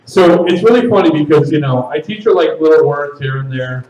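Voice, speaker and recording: A man performing stand-up comedy at a party, with loud, animated shouted bits. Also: a little high, a little fast, echoey room, recorded from a distance, crowd noise, poor audio.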